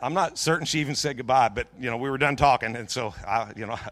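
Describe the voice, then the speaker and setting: A middle-aged man preaching in a church, telling a long personal story in a jokey, lively way with many restarts. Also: medium pitch, fast talker, slight background noise. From Pacific Northwest of the US. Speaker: pastor. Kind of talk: storytelling sermon.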